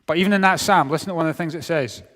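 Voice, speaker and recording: A middle-aged Scottish man giving a sermon to young people, wry and humorous, dropping to quiet for serious points. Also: fairly high pitch, rapid-fire. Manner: humorous, wry storytelling with sudden drops to quiet. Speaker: youth speaker. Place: large hall. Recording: long hall reverb.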